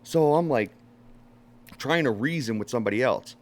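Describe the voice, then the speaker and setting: A man tells a long story in a loose, casual chat. He swears freely and jumps up loudly when he acts out what people said to him. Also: mid-range voice, expressive, normal speed. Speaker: podcast host.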